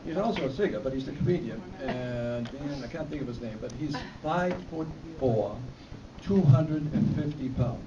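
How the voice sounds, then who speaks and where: A man with a medium-pitched voice and moderate pace tells jokes to a live audience in an event hall at a fundraiser. An amateur comedian, he rambles through setups with restarts and fillers and laughs at his own punchlines; the recording is distant and dull, with crowd noise.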